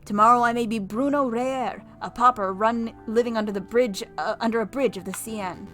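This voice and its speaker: A woman's voice: a little high, normal speed, a bit bright, soft background music, close to an everyday voice. A woman voicing a sly male fox thief in a visual novel, speaking in a theatrical, evasive manner. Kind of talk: reading a visual novel aloud.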